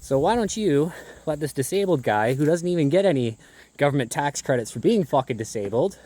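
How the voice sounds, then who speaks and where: A poultry farmer from Ontario, Canada, vents in a heated, profane vlog rant as he walks his small farm among the birds, winded, phone held one-handed, peppering it with rhetorical questions. His voice is fairly high and mellow, with brisk delivery and lively intonation. Ducks and fowl can be faintly heard in the background.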